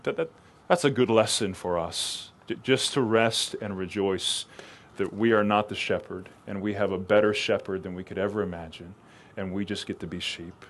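A man preaching a sermon, reading scripture and explaining it, acting out the quoted lines and often repeating words as he restarts. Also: normal speed. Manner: expressive, acts out quoted lines with rising pitch.

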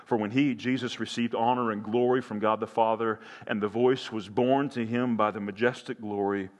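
A man's voice: fairly low pitch, steady tone, moderate pace. A man preaching a sermon as pastor, earnest and building to impassioned emphasis. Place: church sanctuary. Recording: long hall reverb.

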